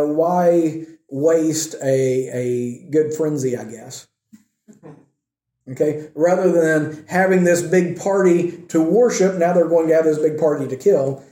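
A man's voice: a little high, dark tone. A man teaching a Bible study in a plainspoken way, often checking in with "okay?" and reading scripture aloud. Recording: roomy echo.

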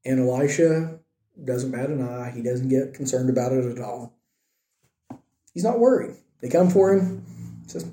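A man's voice: medium pitch, normal speed, long pauses, warm tone, roomy sound. Man retelling scripture with wry asides. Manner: conversational, storytelling, wry asides. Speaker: Bible study teacher. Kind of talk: casual Bible lesson.

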